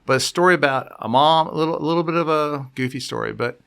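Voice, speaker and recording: Male pastor, casual talk, rambling, gravelly and bright. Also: a little high, fast. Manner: rambling, full of restarts, acts out quotes. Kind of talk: casual conversational podcast talk.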